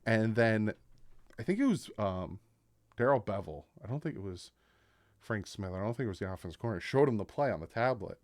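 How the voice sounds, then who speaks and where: A young man with a smooth, clear voice and a slightly low pitch recaps a football episode in casual reaction commentary. He tells it with animation and acts out what the players said. The sound is dry and close. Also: brisk, no echo. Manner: animated storytelling, acts out quotes. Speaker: sports reaction host.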